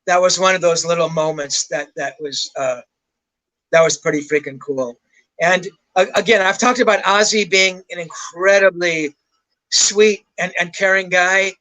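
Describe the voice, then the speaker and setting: A man's voice: sits high, moderate pace, sharp tone, low-quality recording. An older man, a rock journalist and guest, telling rambling anecdotes in a casual way and swearing freely. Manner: rambling, swears freely, laughs at his own stories.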